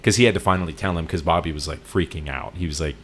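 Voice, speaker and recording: Podcast co-host, male, very low voice, loose rambling storyteller. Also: quick pace, fairly bright tone. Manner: rambling retelling with many fillers and restarts. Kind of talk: casual storytelling chat.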